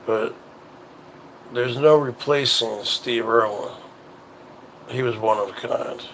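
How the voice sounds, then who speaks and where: A man hosting a casual chat show talks slowly and unhurriedly, his voice rough with gravelly fry. He rambles and circles back over his words. A faint hum of noise sits behind him. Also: medium pitch, a bit bright, rough recording. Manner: rambling, halting, repeats himself. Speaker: show host.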